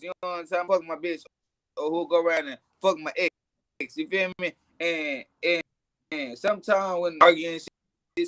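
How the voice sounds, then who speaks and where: Guy rambling in a rough casual way, dry close sound. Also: sits high, fairly bright tone, no echo. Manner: rambling, restarts often, coarse slang. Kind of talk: casual chat.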